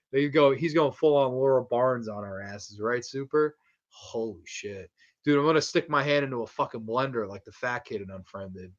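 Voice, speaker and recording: A man hosting a casual horror movie review livestream from home, rambling excitedly and swearing a lot. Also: mid-range voice, muffled recording. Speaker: livestream host. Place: home streaming setup with posters behind.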